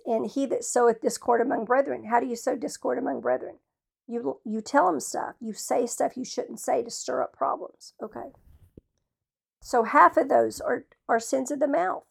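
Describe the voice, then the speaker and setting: Gravelly-voiced woman teaching scripture. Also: high voice, normal speed. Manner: earnest, conversational preaching. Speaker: Bible teacher. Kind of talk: casual Bible teaching.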